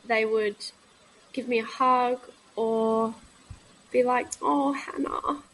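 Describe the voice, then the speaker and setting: A woman in her thirties talks frankly as a podcast guest, a little high in pitch. She pauses often and fills the gaps with soft ums. A faint hiss sits under her voice. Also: flat delivery, rough recording. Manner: halting, frank, many pauses and fillers. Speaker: guest, midwife. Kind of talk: candid podcast conversation.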